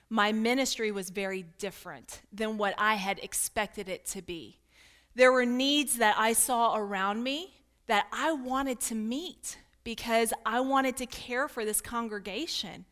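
A pastor's wife from Kentucky with a slight Kentucky accent, giving an earnest, candid talk to a women's gathering and inviting answers from the room, with light self-deprecating humor. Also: female voice, on the high side, a bit bright. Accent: Kentucky with some Northern mix. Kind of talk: candid teaching talk with audience participation.

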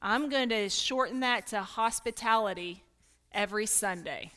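A pastor's wife from Kentucky with a slight Kentucky accent, giving an earnest, candid talk to a women's gathering and inviting answers from the room, with light self-deprecating humor. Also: female voice, mid-range voice, moderate pace, pushed and bright. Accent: Kentucky with some Northern mix. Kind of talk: candid teaching talk with audience participation.

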